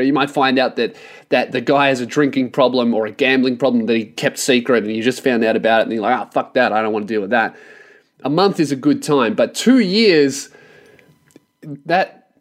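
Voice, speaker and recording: A young Australian man hosting a solo podcast, sweary and loud, putting on mock anger. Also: mid-range voice. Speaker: podcast host.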